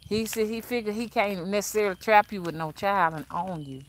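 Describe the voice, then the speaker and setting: A woman's voice: medium pitch, fairly quick. Frank older woman, faint outdoor noise. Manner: frank, preachy, stumbling with fillers. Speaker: spiritual advisor. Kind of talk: casual livestream talk.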